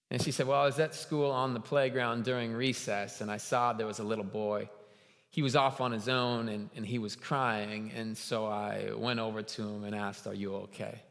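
A man in his thirties preaching a sermon as a guest pastor, telling stories and building to loud, emphatic peaks. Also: mid-range voice. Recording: long hall reverb.

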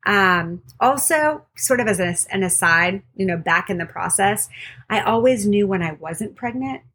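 A woman's voice: medium pitch, animated, moderate pace, fairly bright tone, slight background noise. A woman midwife and podcast co-host candidly telling a personal story in casual conversation. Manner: candid, storytelling with quoted voices.

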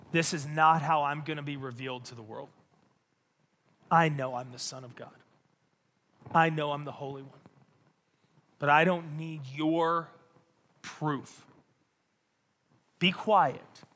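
A man playing a stern male teacher who sharply commands a demon to be quiet. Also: on the high side, steady tone, slow, long pauses, pitched below the performer's own voice, exaggerated voice.

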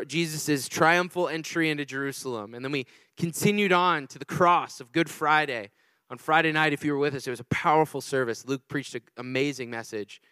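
A young adult man preaching a sermon, telling a funny personal story in a chatty, animated way and checking in with the congregation. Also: fairly high pitch, clean tone, dry recording. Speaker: pastor.

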